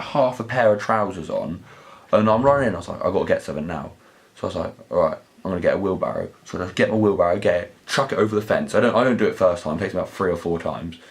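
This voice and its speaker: A man's voice: lowish voice, a little hiss or hum. A young man, telling crude, sweary, rambling stories in a casual vlog. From southern England. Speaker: vlog host. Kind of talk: casual anecdotal storytelling.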